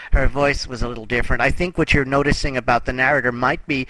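A man's voice: medium pitch, steady tone, fast, sharp tone. Musing man on a noisy mic. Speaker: book discussion group member. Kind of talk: casual group chat.

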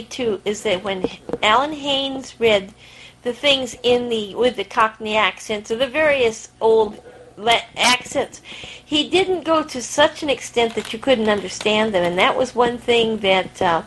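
A woman in a casual group discussion about narrators, explaining her point in a measured way. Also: on the high side, a bit bright, slight background noise, low-quality recording.

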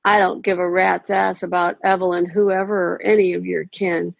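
A woman's voice: fairly low pitch, flat delivery, normal speed, gravelly, no room sound, muffled recording. A woman voicing a hostile, foul-mouthed older woman who guards her land, with a coarse rural way of talking. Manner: coarse, snarling rural talk.

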